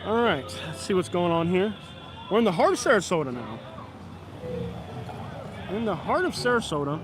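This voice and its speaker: A man's voice: high voice, sing-song, normal speed, music in the background. A man, chatting casually and rambling to his viewers on a live stream from a downtown street at night, filmed on a camera stand.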